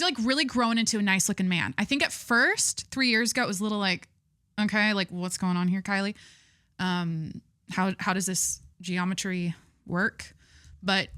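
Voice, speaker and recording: Young adult woman podcast host; bright voice, dry close sound; rambling, gushing, candid delivery. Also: mid-range voice, dry recording. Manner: rambling, chatty, frequent fillers and restarts; gushing, candid, swears casually. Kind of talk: casual chat.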